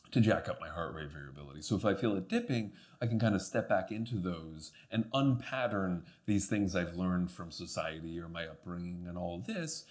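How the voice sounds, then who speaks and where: A man's voice: deep voice, darkish tone. Reflective man, guest on a podcast. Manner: reflective, with many fillers and restarts. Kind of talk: casual podcast conversation.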